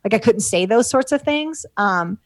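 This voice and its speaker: A woman's voice: fairly high pitch, expressive, moderate pace, no room sound. Woman, interview guest, rambling heartfelt stories, ums and restarts, dry close sound. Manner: warm storytelling, frequent fillers, gets emotional. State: tearful at times. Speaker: business coach, guest. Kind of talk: conversational interview.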